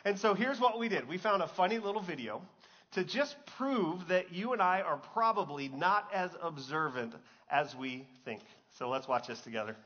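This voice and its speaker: A man's voice: high-pitched, animated, normal speed, bright, forceful tone, highs cut off. A male pastor preaching a sermon in a conversational, joking way, asking the congregation questions. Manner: conversational, jokey, asks the crowd questions.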